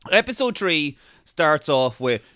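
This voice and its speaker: A man with an Irish accent, co-hosting a casual podcast recap of a TV drama, animated and laughing often. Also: a little high, measured pace. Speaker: podcast co-host.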